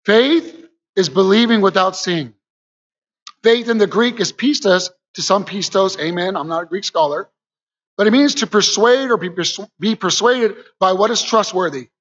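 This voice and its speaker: A man preaching a lively sermon to a church congregation, calling out to them and rising to shouts. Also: sits high, normal speed, highs cut off. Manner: energetic, call-and-response with congregation, rises to shouts.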